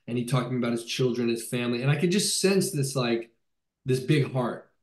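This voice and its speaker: A man's voice: medium pitch, fairly quick. A male film director in a casual video-call interview, talking enthusiastically with many fillers and restarts. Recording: roomy echo.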